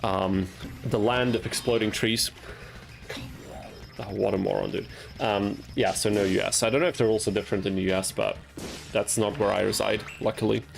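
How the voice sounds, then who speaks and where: Young male streamer, gravelly, chatty, laughs at his own blunders. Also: fairly low pitch, steady tone, normal speed, faint music behind. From Austria. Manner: chatty, laughs at himself, yelps in frustration. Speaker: gaming streamer. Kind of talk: casual gameplay commentary with chat.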